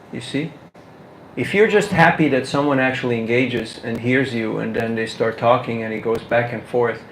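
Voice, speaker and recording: A man giving a casual workshop talk on book distribution, animated and full of rhetorical questions, laughing now and then. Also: mid-range voice, roomy sound, a little hiss or hum, low-quality recording.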